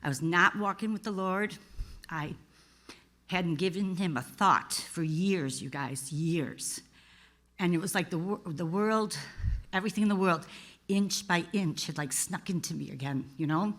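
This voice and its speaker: A middle-aged woman tells her story of faith to a church congregation, her voice bright and clear. She speaks plainly and with feeling, chatting straight to the listeners as if to friends. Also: on the low side, measured pace. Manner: emotional, conversational, addresses audience as "you guys". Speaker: church member giving testimony. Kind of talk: personal testimony to a congregation.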